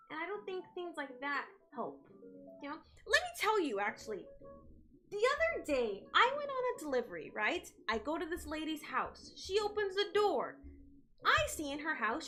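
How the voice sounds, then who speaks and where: Chatty young woman with a high voice. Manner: chatty, animated storytelling. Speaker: streamer. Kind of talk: casual chat with live viewers.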